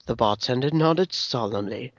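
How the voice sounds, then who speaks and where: A man narrating a fan story aloud in an expressive storytelling manner. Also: medium pitch, moderate pace, no room sound. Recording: dry, dull lo-fi sound.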